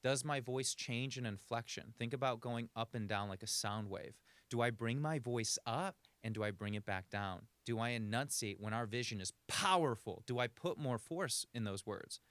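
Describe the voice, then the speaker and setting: Speaking at a moderate pace with hardly any pauses, this coach has a smooth, fairly bright, mid-range voice and no echo. He gives hands-on communication tips during a podcast interview, varying his speed as illustration.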